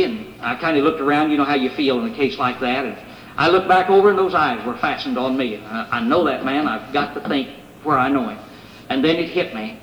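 A man's voice: on the high side, recorded from a distance. A male preacher giving a sermon, telling a story and building to emphatic preaching. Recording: echoey hall, dull lo-fi, faint hiss.

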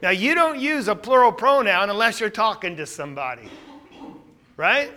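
Animated high-voiced man teaching scripture. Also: normal speed. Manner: animated, emphatic, swings from loud to quiet. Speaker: Bible teacher. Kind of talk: sermon-style Bible teaching.

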